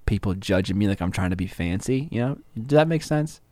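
A man's voice: on the low side, expressive, brisk, mellow, dry recording. An American man co-hosting a casual chat, rambling and self-conscious, often trailing off. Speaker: podcast co-host. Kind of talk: casual chat about miniature painting. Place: cold basement room.

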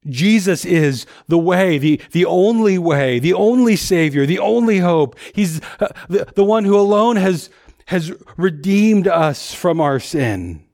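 A man delivering a sermon in a relaxed, conversational manner, his voice sitting a little high. He often repeats and restarts words as he works through his thoughts. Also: unhurried. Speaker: preacher.

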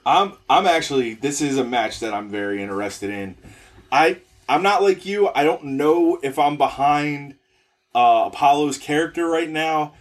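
A man's voice: a little high, lively intonation, moderate pace. A man co-hosting a casual wrestling podcast, hesitant and thinking aloud with frequent restarts. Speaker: podcast co-host.

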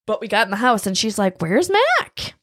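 A woman telling a story in casual chat, animated and blunt, laughing often. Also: mid-range voice, quick pace, no echo, studio quality.

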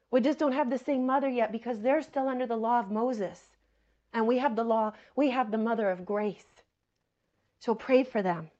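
A woman's voice: fairly high pitch, highs cut off. A woman preaching a sermon, reading scripture aloud and explaining it earnestly, repeating key phrases and addressing her listeners as friends.

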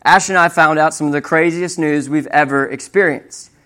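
Young guy preaching, kinda high voice, chatty, keeps saying right?. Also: moderate pace. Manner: conversational, keeps asking "right?"; animated storytelling. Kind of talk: sermon with audience questions.

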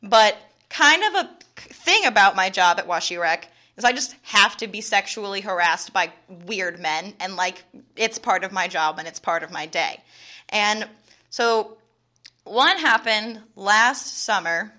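A young adult woman co-hosting a podcast, telling stories in a casual, animated and indignant way. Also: mid-range voice, a little slow. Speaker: podcast co-host. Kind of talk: casual chat.

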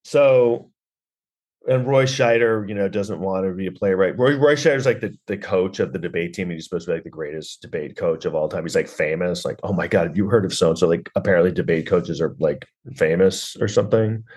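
A man's voice: deep voice, a little fast, darkish tone. A man hosting a podcast, recapping a film in a rambling, sarcastic way, full of fillers and swearing. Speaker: podcast host reviewing a film.

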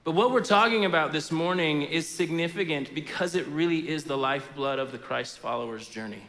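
A man preaching a sermon as pastor in a church sanctuary, in a conversational, animated way with frequent fillers. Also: on the high side, fairly quick, big-room sound.

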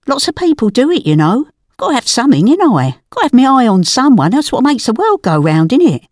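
A woman's voice: on the high side, sing-song, a little fast, darkish tone, no echo, studio quality. A woman playing a nosy, celebrity-obsessed older mum, talking in a brassy, defensive way in a scripted comedy sketch. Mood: brazen. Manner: brassy, defensive, casual slang. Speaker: comedy podcast character.

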